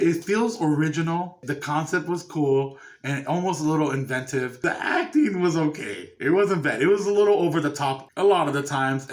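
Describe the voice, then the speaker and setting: A man chatting loosely about a horror film he watched, swearing casually as he recaps it. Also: fairly high pitch. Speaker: movie reviewer. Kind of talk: casual review chat.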